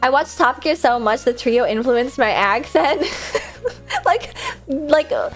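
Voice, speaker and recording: A woman streamer chatting casually with her viewers, giggly and self-mocking, with quick asides. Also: high-pitched, lively intonation, soft background music.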